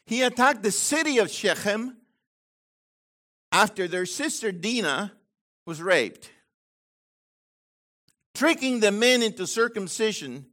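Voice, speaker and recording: Animated, bright-voiced male preacher. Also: high-pitched. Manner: animated preaching, swings between loud emphasis and quiet asides; digressive, restarts and asides to the congregation. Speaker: messianic congregation leader. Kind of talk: sermon.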